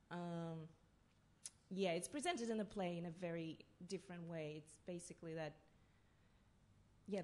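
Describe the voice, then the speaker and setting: A woman from Russia, telling stories as a playwright on a festival panel, halting and full of fillers. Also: lowish voice, a little mellow. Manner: halting, with many fillers and restarts. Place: festival talk session in a hall.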